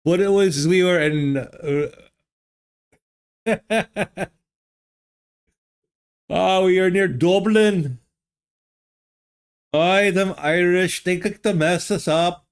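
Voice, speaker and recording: This man's voice sits high and smooth, and he speaks extremely slowly with long pauses into a desk microphone. He streams a geography guessing game live, pondering out loud and replying casually to his viewers' messages.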